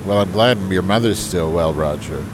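A man's voice: deep voice, moderate pace, background noise. An older man hosting a podcast, talking casually with profane, sarcastic grumbling. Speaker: podcast host. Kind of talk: casual comedic podcast monologue. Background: yard machinery droning nearby.

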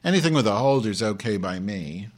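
A man's voice: on the low side, expressive, brisk. A man playing a foul-mouthed brassy woman host. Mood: grumbling. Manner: profane, abrasive, rambling rants. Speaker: host of a live online show. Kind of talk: improvised live webcast comedy.

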